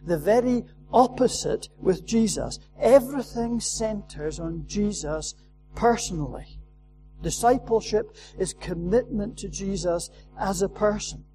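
Slow, high-voiced male preacher. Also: lively intonation, mellow, faint music behind, poor audio. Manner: earnest, emphatic, repeats key phrases. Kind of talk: sermon.

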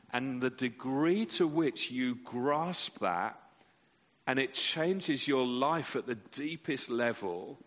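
Male preacher, impassioned sermon, very expressive pitch, muffled hall recording with long echo. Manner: impassioned, with sweeping rises and drops in pitch and volume. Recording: muffled sound with a long reverb in a large hall.

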